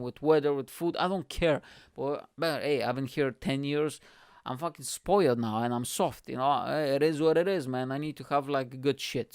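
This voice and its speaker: Man with a smooth voice, recorded dry and close. He is a profane, rambling comedy podcast host. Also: mid-range voice, dry recording. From Bulgaria. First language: Bulgarian. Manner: rambling, profane, animated, self-mocking.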